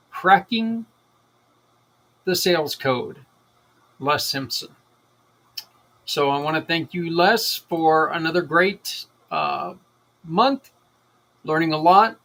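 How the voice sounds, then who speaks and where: A middle-aged man hosting a community livestream talks in a loose, rambling way, full of enthusiasm and restarts. His voice sits a little higher than most men's. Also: fairly bright tone. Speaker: host. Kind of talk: casual livestream talk.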